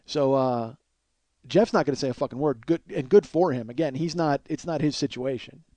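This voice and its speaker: A man's voice: mid-range voice, brisk, warm tone, dry recording. A man in his forties hosting a comedy podcast, telling a rambling, profane, self-deprecating story. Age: 40s. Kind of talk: storytelling monologue.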